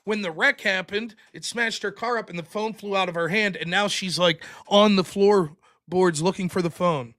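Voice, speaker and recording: A man with a high, bright voice tells a story in a loose, casual way. He acts out the people he quotes and laughs often along the way. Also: normal speed. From United States. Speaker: podcast host.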